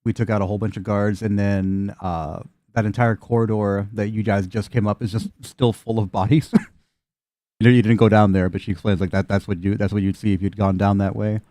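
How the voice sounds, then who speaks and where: A man's voice: fairly low pitch, little pitch movement, a little fast, warm tone, no echo, clean studio sound. A man narrating a tabletop game as game master, casual and laughing between lines.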